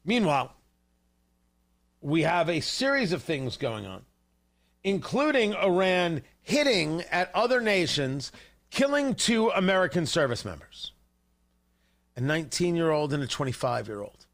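A man's voice: fairly high pitch, sing-song, measured pace, pauses often, a bit bright. A male host giving heated, sarcastic political commentary on a livestream, ranting and mocking.

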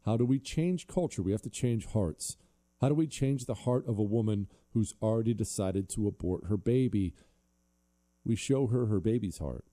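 Man, talk show host, low dark voice, indignant monologue. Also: moderate pace. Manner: forceful, indignant. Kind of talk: opinionated monologue with ad read.

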